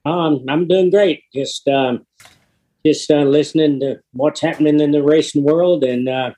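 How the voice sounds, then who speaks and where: A man in his sixties with a Texan accent, a podcast guest talking in an easygoing, halting way full of fillers and restarts. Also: a little high, mellow, rough recording. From Texas. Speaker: guest, retired motorcycle racer. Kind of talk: casual interview chat.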